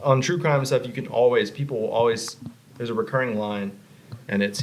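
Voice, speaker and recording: A young man hosting a podcast, telling a story in casual chat, animated, repeating himself and swearing. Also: mid-range voice, moderate pace, a little hiss or hum, low-quality recording. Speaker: podcast host.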